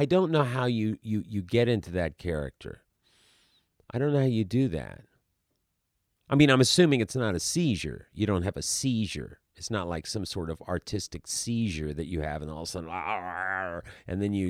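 A man's voice: lowish voice, sing-song, moderate pace, dry recording, clean studio sound. A man who works as an actor, talking in a casual, rambling monologue full of restarts and asides.

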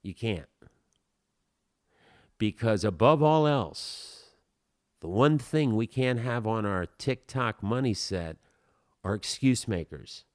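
A man with a fairly low voice talks straight into a dry, close mic with no room sound. He hands out blunt, emphatic advice in a casual, wry monologue, swearing now and then. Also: animated, takes it slowly, pauses often, no echo. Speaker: podcast host giving acting advice.

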